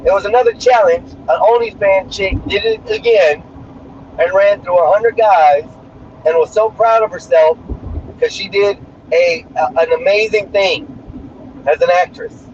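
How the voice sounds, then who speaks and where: A man's voice: sits high, measured pace, a little mellow. A man chatting casually on a livestream while driving, talking in a brash, crude, rambling way. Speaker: streamer. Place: inside a moving car. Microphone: phone. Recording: muffled sound with faint road noise.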